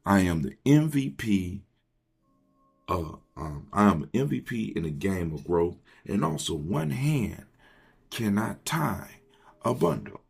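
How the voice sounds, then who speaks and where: Deep gravelly man with lively delivery. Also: takes it slowly. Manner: call-and-response, repeats phrases. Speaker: host. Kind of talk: motivational morning talk.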